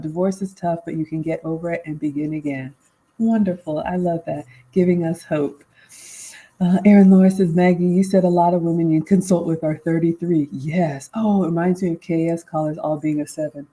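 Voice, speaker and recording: A woman's voice: on the low side, fairly even intonation, fairly quick, warm tone, slightly rough, poor audio. A woman in her forties hosting a casual live Q&A, reading viewer comments aloud and answering them conversationally. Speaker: livestream host and life coach.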